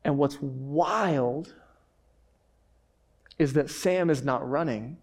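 A male pastor giving a sermon in an animated, conversational storytelling manner, dropping in frequent "like"s. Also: fairly high pitch, drawn-out words.

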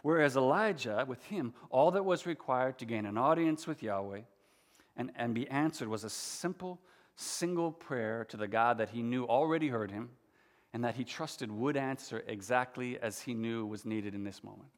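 A man preaches a sermon, talking with his listeners in a relaxed, conversational way and dropping in small asides. His voice sits at an ordinary middle pitch. The sound carries a long, hall-like reverb. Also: normal speed. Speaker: pastor. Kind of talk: sermon with scripture reading.

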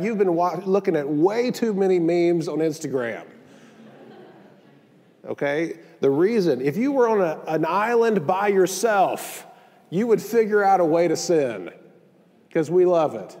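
A man's voice: fairly high pitch, lively intonation, a little slow, a little mellow, big-room sound. A male pastor delivering a sermon in a conversational style, mixing in joking asides, recorded in a church sanctuary.

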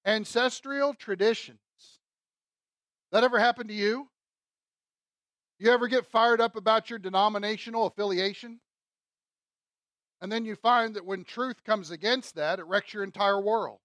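A woman's voice: mid-range voice, normal speed, pauses often, fairly bright tone, no room sound. A woman teaching a sermon through a Bible passage, emphatic and conversational, often asking her listeners rhetorical questions. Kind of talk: expository sermon.

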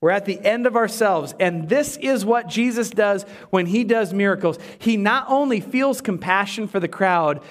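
A man preaching a sermon as pastor, animated and playful, acting out the disciples in quick asides and dropping to a hushed, slow voice for emphasis. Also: high voice.

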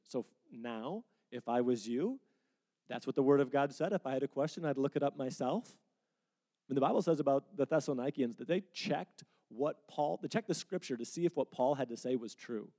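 A man's voice: mid-range voice, dark tone. A man preaching and answering questions in a conversational, earnest way, sometimes acting out quotes. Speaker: pastor. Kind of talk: sermon Q&A.

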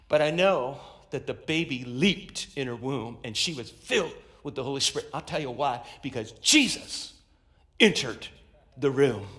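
A man preaching a sermon, swinging from hushed, slow lines to sudden shouted climaxes. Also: mid-range voice. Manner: dynamic, swings between loud and hushed. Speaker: pastor.

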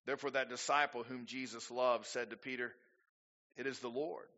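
A man's voice: mid-range voice, fairly even intonation, moderate pace, sharp tone, muffled recording. A male pastor preaching a sermon, rising to emphatic peaks and asking the congregation rhetorical questions.

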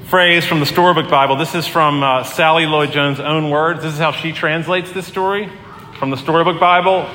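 A man's voice: fairly high pitch, pushed and bright. A man preaching a sermon as pastor in a conversational, earnest way with many fillers. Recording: echoey hall, long reverb, faint room noise.

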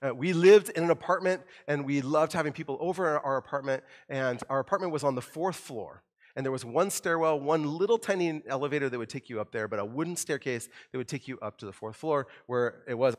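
A man's voice: medium pitch, a little fast. Conversational middle-aged male pastor preaching. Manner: conversational, animated, acts out quotes with rising emphasis. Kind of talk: sermon.

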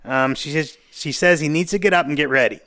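A man's voice: a little high, brisk. A man co-hosting a podcast, casually recapping a TV episode and acting out the characters' lines. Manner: animated, acts out scenes with put-on quotes. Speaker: podcast co-host.

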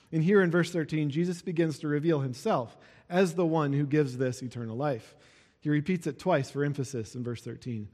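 Male pastor, fairly high voice, chatty sermon delivery, long hall reverb. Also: darkish tone. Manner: explains verses with a casual, conversational aside.

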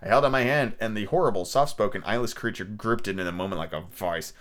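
A man's voice: fairly low pitch, fast, fairly bright tone. A man casually reading a classic adventure story aloud as host, with irreverent asides and frequent stumbles and rereads. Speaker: audiobook narrator and podcast host.

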